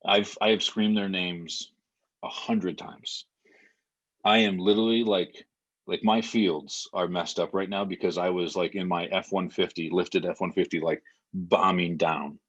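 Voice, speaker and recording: A man's voice: deep voice, fairly even intonation, a little slow, highs cut off. A man in his thirties, a podcast guest, telling an emotional story with lots of fillers. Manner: vivid retelling with many fillers.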